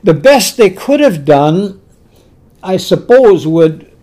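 Slow and medium-pitched, a preacher's voice carries an emphatic, animated sermon. As the story builds, he keeps repeating key words and starting phrases over.

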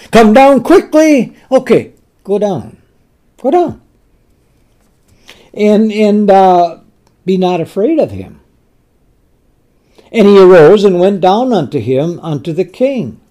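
A man preaching a sermon with a fairly high voice that swings widely in pitch. He speaks slowly, stumbles and restarts, and works himself up when he plays the angry king. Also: warm tone. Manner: retells scripture, voicing the king with rising anger; stumbling restarts, repeats words.

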